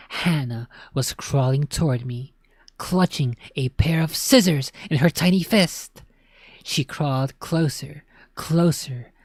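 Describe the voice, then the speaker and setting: A woman narrating a spooky children's book in a dramatic reading, often dropping to a hush. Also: extremely low pitch, no room sound, clean studio sound. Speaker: storyteller.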